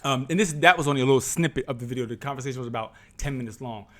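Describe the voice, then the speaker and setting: A man's voice: mid-range voice, racing, fairly bright tone. A middle-aged man from New Jersey telling a personal story to his viewers like a sermon, calling them brothers and sisters, repeating himself and acting out what people said. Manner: repeats and restarts, acts out quoted voices. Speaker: vlogger.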